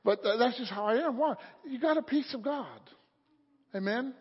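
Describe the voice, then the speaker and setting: A man preaching a sermon, telling a story calmly and then rising to loud, fervent preaching. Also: very high voice, normal speed, slightly rough. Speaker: pastor. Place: church sanctuary. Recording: muffled sound in a reverberant hall.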